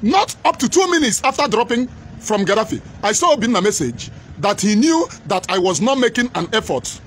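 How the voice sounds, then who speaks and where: A man's voice: high-pitched, big pitch swings, fairly quick, a little hiss or hum. A man giving an emphatic, repetitive political commentary monologue.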